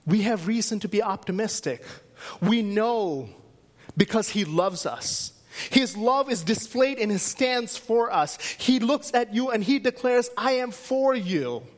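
A man delivers a sermon from the pulpit of a church. His voice sits unusually high for a man, and he presses his message through emphatic repetition, echoing key phrases again and again. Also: a little slow. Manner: emphatic preaching with repeated refrains. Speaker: pastor.

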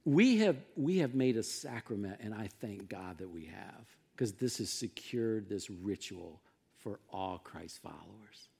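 Animated gravelly male pastor preaching. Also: unhurried. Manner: animated storytelling, acting out quotes with rising pitch and volume. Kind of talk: sermon.

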